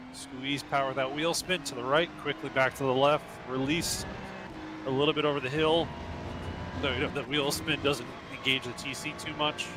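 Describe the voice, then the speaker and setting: A man talks through each lap in a sim racing club, keeping a steady, mid-pitched voice as he calls out short, clipped instructions. Car engine noise runs clearly under him the whole time. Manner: terse running instructions while driving. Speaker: racing driver and coach. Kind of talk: live-stream driving commentary.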